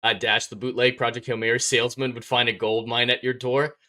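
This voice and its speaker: A male streamer chatting loosely with his viewers, answering comments as they come in. His voice is bright, with a medium pitch, and he rambles and laughs as he goes. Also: little pitch movement, a little fast. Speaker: live stream host. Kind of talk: casual live-stream chat.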